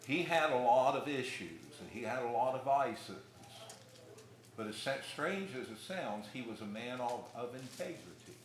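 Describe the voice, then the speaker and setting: A middle-aged man preaching a sermon in a church, telling folksy stories with pauses and restarts. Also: medium pitch, animated. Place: church hall. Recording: echoey room with faint noise.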